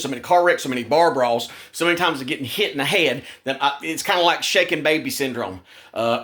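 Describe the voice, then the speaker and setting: A man's voice: sits high, sharp tone. A man ranting to camera in a vlog. He talks heatedly, repeats words, restarts his sentences and swears. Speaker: vlogger. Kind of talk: agitated rant to camera.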